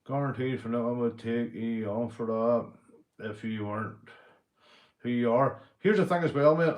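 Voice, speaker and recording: A Northern Irish man rambles through a casual livestream, boisterous and loose after a few beers. His voice sits at an ordinary middle pitch, and it echoes around the room he is in. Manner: rambling and boisterous, repeats "mate". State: drinking beer. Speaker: livestream host.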